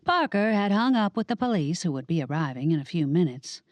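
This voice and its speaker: Woman narrator for a comic mystery audiobook; wry, very expressive rise and fall. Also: lowish voice, fairly quick, no room sound. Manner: animated, wry, dramatic. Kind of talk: first-person audiobook narration.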